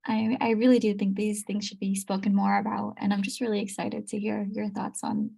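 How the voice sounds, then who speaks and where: A student woman speaking quietly on a video call from a school library. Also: medium pitch, level tone, fairly quick, creaky, slightly rough. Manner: talking quietly.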